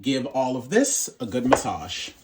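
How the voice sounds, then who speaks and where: Cooking host, male, mid-pitched, playful and sassy, chatty tutorial delivery. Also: very animated, a little slow, heavy background noise. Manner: sassy, playful, calls viewers baby and honey.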